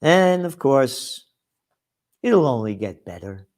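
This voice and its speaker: A man's voice: a little high, expressive, takes it slowly. A man delivering a combative, sarcastic rant promoting his trends magazine, full of mocking asides. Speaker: trends forecaster and publisher. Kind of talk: ranting promo monologue.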